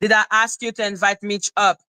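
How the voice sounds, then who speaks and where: A woman's voice: medium pitch, level tone, a little fast, sharp tone, clean tone, no echo. A woman ranting on a livestream, heated and profane, who often repeats herself. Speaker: live streamer. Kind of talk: angry livestream rant.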